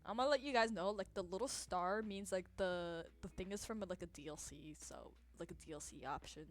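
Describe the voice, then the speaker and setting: A young woman streaming a game, reacting with excitable outbursts, swearing and laughing between slow, drawn-out remarks. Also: lowish voice. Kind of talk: casual gameplay commentary.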